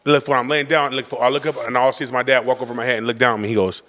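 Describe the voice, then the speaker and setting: A man's voice: mid-range voice, flat delivery, very fast, a bit bright, in a large hall. A man in casual podcast chat, telling profane family stories and acting out the quotes with energy. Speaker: podcast host.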